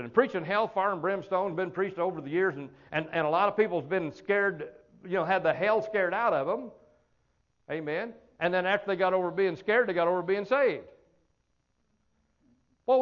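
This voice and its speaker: Midwestern preacher guy telling a story, kinda high voice, laughs a lot, trips over his words, dull lo-fi recording. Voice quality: colloquial, chuckling, repeats words at the start of phrases. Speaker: pastor. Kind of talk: folksy storytelling sermon.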